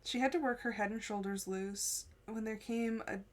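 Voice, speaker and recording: A woman's voice: on the high side, steady tone, moderate pace. A woman hosting a live book-cast, reading a novel aloud and breaking off for casual comments. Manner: reads steadily, breaks off to chat and laugh.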